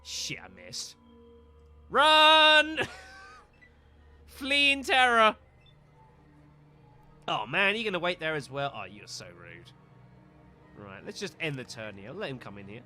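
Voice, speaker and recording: A man's voice: mid-range voice, big pitch swings, moderate pace, pushed and bright, faint music behind. A man streaming a game live, talking to viewers as folks and getting exasperated at missed shots. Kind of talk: live gameplay commentary.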